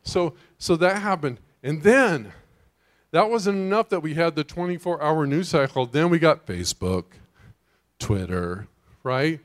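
Chatty pastor with a higher voice. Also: male voice, expressive, a little slow. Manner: conversational, quizzes the congregation and uses frequent restarts. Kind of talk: sermon.

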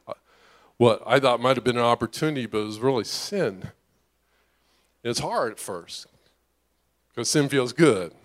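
A man's voice: mid-range voice, animated, moderate pace, long pauses. A middle-aged man preaching a conversational sermon, often asking "right?" and acting out the voices of the people he describes. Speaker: pastor.

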